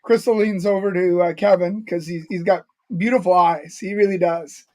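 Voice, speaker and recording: High-voiced man hosting a rambling chat. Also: steady tone, normal speed, dark tone. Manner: rambling storyteller with many fillers and restarts. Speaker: podcast host. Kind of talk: casual chat.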